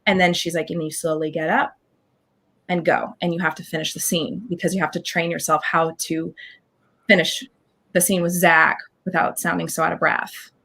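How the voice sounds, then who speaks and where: A woman guest talking in an animated, casual interview, scatting rhythms and acting out what others said. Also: on the low side, normal speed, gravelly, breathy edge. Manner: animated, scats dance counts, acts out quotes. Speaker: guest performer.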